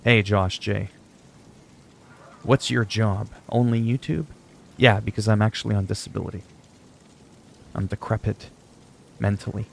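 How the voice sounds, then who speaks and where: Gravelly-voiced man chatting on a livestream. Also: lowish voice, level tone, a little slow, long pauses, slight background noise. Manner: joking, rambling, reads chat aloud. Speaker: gaming livestreamer. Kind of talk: casual livestream chat.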